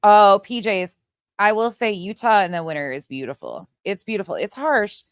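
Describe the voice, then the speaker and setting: A woman's voice: medium pitch, very animated, normal speed, clean tone, no room sound, clean studio sound. A middle-aged woman with a Southern US accent, chatting casually on a livestream and reading out viewer comments, laughing often and swearing now and then. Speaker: livestream host.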